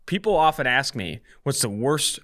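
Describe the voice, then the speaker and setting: A man, co-hosting a podcast and telling a long story in an animated, casual way. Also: medium pitch, moderate pace. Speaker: podcast co-host.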